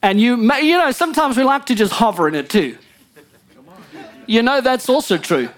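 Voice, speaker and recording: A woman pastor preaching a sermon in an animated way, swinging between loud emphasis and low murmured asides, often calling out "come on" and "amen" to the congregation. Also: normal speed, pauses often, soft background music.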